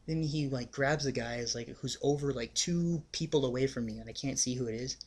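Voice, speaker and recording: Young man, casual storytelling, rambling, profane, lots of filler words, mid-pitched voice. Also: brisk, a little mellow. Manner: rambling, profane, full of "like" and "you know". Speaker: vlogger.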